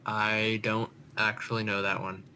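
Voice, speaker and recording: A man's voice: on the low side, flat delivery, measured pace, bright, forceful tone, a little hiss or hum. A man co-hosting a casual podcast, answering quiz questions with self-deprecating jokes. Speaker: podcast co-host, quiz contestant.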